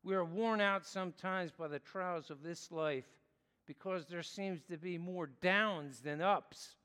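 A man preaching a sermon as pastor, earnest and deliberate, leaning on key words. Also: sits high, pushed and bright, clear, resonant tone, big-room sound.

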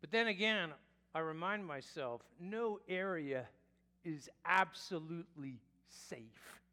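A male pastor preaching a sermon in a slow, deliberate way, sometimes correcting himself mid-phrase. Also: fairly high pitch, expressive, sharp tone. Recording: long reverb of a church hall.

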